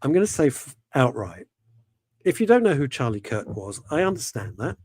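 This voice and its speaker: Man, radio show host, passionate and emphatic, very lively pitch, dry close sound. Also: moderate pace, slightly rough, no room sound. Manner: passionate, emphatic opinions with repetitions. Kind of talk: casual talk radio chat.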